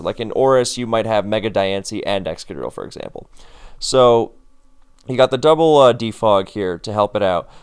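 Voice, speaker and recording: A man's voice: mid-range voice, clear, resonant tone. A man casually commenting on a competitive battle replay, chatty and full of fillers, self-correcting as he goes, sounding tired.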